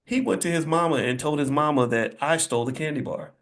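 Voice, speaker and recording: A man's voice: fairly high pitch, fast, a bit bright. A man delivering a motivational talk to a live audience in an indoor event space. He is emphatic and preachy and repeats phrases for punch. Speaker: finance speaker.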